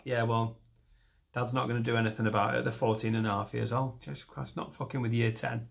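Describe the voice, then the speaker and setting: A comedian in his thirties rambles through a stand-up routine, poking fun at himself. His voice sits at an ordinary middle pitch, and he breaks into loud, high voices to act out the scenes he imagines. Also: level tone, a little fast, creaky. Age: 30s. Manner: rambling and self-mocking, jumping into shouted voices for imagined scenes. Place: comedy stage.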